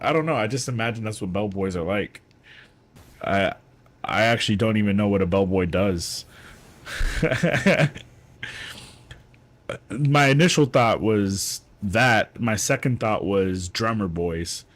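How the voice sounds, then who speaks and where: A male gaming streamer with a somewhat low voice, chatting loosely as he plays. He rambles from one joke to the next, swearing freely in a relaxed, offhand way. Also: unhurried. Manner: rambling, profane, joking. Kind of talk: casual chat while playing.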